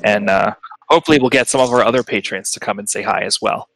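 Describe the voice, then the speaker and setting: Guy game-mastering a tabletop stream, bright voice, dry close sound, laid back. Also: lowish voice, quick pace, gravelly, dry recording, low-quality recording. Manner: relaxed, chatty, with fillers and restarts.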